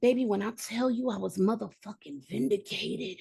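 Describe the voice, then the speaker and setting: A woman comic book writer, a guest in a casual interview, telling stories in an animated, profane way and acting out her own reactions. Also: medium pitch, moderate pace, vocal fry, husky.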